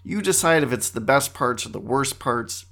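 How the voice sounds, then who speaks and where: A man's voice: medium pitch, lively intonation, normal speed, vocal fry, fairly bright tone. A middle-aged man hosting a casual, rambling monologue, talking conversationally and often correcting himself. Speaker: host.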